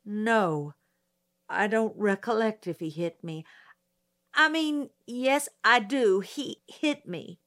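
A woman's voice: medium pitch, expressive, slow, fairly bright tone, voice pushed up. A woman reading an audiobook, voicing a young poor Southern woman on the witness stand who is defensive, flustered and angry. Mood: flustered, tearful. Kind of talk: audiobook character voice.

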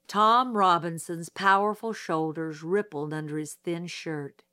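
A woman narrating a novel as an audiobook. Her voice sits on the low side and she reads very slowly and deliberately. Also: fairly bright tone. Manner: slow, deliberate reading.

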